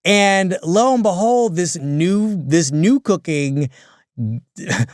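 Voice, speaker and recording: A man hosting a podcast, talking about television in an animated, storytelling way full of asides. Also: high-pitched, takes it slowly, dry recording, clean studio sound. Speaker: podcast host. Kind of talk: casual critical discussion.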